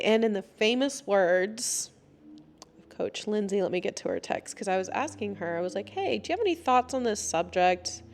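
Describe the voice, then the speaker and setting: A young woman talks casually on her own podcast, chatty and quick to laugh. Her pitch is moderate and ordinary, and now and then she jumps higher to act out what someone else might say. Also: a little mellow. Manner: chatty, laughs often, acts out quoted lines in a higher voice. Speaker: podcast host. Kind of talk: casual solo podcast talk.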